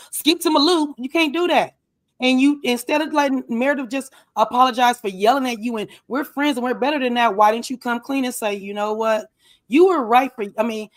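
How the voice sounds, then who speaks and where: A man co-hosting a casual reality-TV recap chat, animated and emphatic, talking in bursts. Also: extremely high pitch, no room sound. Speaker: podcast co-host.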